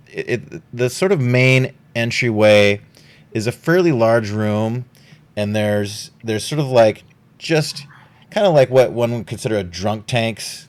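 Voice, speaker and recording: A man narrating a tabletop game as game master, casual and rambling with lots of fillers and swearing. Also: mid-range voice.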